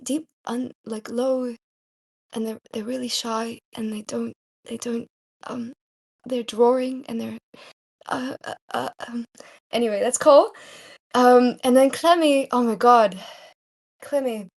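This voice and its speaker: A woman hosting a casual live chat, soft-spoken, giggly and rambling. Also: a little high, steady tone, unhurried, gravelly, pauses often, no echo, clean studio sound. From Australia. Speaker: host.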